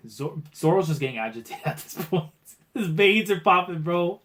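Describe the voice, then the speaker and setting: A man with a slightly high voice reacts live as he reads a comic chapter aloud. His talk is casual and full of slang, and it swings between grumbling under his breath and excited shouts. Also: moderate pace. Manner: casual slangy talk, keeps saying bro. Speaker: manga reaction channel host.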